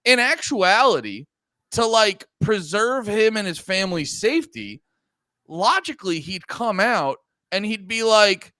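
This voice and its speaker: A man's voice: high-pitched, unhurried, dry recording, clean studio sound. A man chatting casually about movies as a podcast co-host, rambling and acting out his reactions. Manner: animated, rambling, acts out what he thought.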